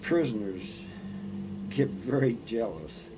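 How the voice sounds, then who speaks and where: Against a noisy background, a former prisoner casually recounts life inside in a low, expressive voice at a slow pace. He speaks plainly, frequently restarting sentences and tossing in "you know."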